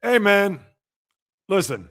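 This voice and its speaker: A man's voice: sits high, big pitch swings, slow, a bit bright. A man hosting a sports livestream, chatting casually and teasing viewers as he reads and answers their comments. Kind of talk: casual live-chat banter.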